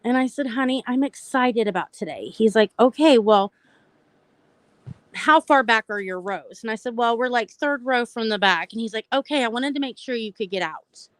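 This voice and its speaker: A woman's voice: a little high, animated, normal speed, no echo. A woman, openly and talkatively telling her own story to viewers on a live stream. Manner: open, talkative, addresses viewers directly. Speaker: host of a live stream about mental health. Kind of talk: personal storytelling, casual chat.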